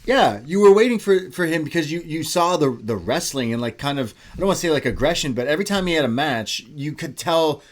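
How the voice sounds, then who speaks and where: A man's voice: a little high, lively intonation, brisk, hardly any pauses. A man co-hosting a casual wrestling podcast, rambling with lots of "like" fillers. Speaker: podcast co-host.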